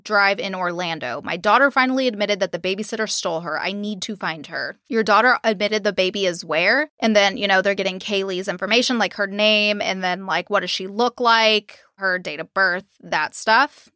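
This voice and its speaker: A woman's voice: medium pitch, moderate pace, few pauses, bright, forceful tone, no echo, clean studio sound. A woman co-hosting a true crime podcast, retelling a case bluntly, swearing and acting out quotes. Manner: blunt, swears freely, acts out quoted people. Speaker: podcast co-host.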